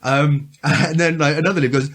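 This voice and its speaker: A man co-hosting a podcast in casual chat, an animated storyteller who acts out scenes. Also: fairly high pitch, normal speed. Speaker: podcast co-host.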